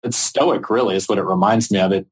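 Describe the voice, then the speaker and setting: A male podcast host with a low, husky voice chats casually with his guest. He talks quickly and conversationally. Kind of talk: casual interview chat.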